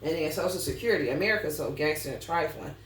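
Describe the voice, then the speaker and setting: Woman cussing and ranting in an astrology vlog, lowish voice, far from the mic, echoey room. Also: lively intonation, fast talker, slight background noise. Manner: profane, blunt, ranting. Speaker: astrology reader. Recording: roomy sound, distant mic, faint ambience.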